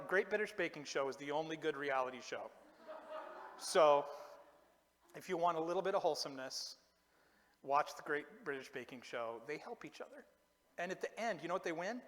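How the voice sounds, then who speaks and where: A pastor giving a casual, humorous sermon in a church, chatty and self-deprecating with joking asides. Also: male voice, high voice, fairly bright tone. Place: church sanctuary. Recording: echoey church hall.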